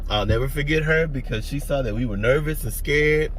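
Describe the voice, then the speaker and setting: Candid dad vlogging outdoors. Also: male voice, medium pitch, brisk. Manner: candid, animated retelling. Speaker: vlogger, father. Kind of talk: casual storytelling vlog. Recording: noisy outdoor ambience with traffic.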